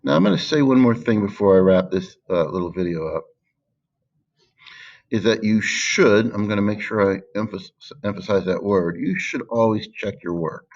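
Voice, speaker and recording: A man's voice: fairly low pitch, normal speed, a little mellow, dull audio. A man teaching math in a screen-recorded lesson, patiently stressing key words and thinking aloud with fillers.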